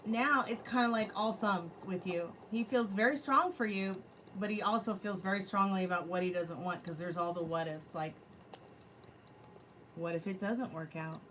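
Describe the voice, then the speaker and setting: A woman's voice: medium pitch, normal speed, fairly bright tone, slight background noise, rough recording. A woman giving a live-streamed tarot reading, chatting casually and addressing spirits and her chat directly. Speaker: tarot reader. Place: her home.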